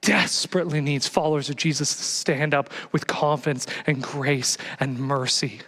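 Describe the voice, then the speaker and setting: A male pastor delivering a sermon with a bright, high voice. He is animated and emphatic and drives his points home by repeating them. His delivery swings from lively to hushed. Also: moderate pace, long reverb tail.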